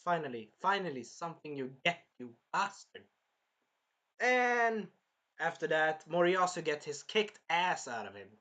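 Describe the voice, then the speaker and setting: Excitable man recapping an anime episode. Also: sits high. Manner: excitable, swears then apologizes, acts out scenes. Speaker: anime reviewer.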